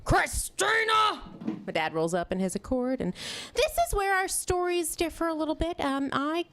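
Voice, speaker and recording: A woman's voice: sits high, animated, a little fast. A woman in her forties from Long Island telling a personal comic story at an open mic, wry and self-deprecating, laughing often.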